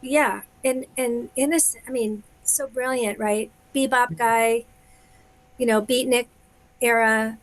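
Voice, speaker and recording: A woman singer chatting casually on a live video call, telling a story with quick asides and laughs. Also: a little high, fairly even intonation. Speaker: singer, guest. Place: home, live video stream.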